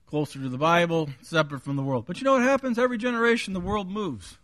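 A man preaching a sermon, booming when he quotes scripture, dropping low on his asides, and joking with the congregation. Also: lively intonation, quick pace, fairly bright tone, dry recording, studio quality. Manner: jokes with the congregation. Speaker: pastor.

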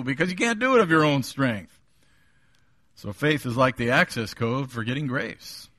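A male pastor preaches a Sunday sermon in a medium-pitched, animated voice at normal speed with a sharp tone. The recording is dry and studio quality. He is emphatic, stressing and repeating key phrases, with an occasional chuckle.

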